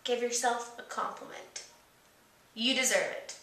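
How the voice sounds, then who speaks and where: A young woman with a high, bright voice gives an upbeat, emphatic motivational talk and keeps coming back to key words. She is recorded indoors, and the room echoes around her. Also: measured pace. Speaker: co-host. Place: indoor room with a kitchen counter.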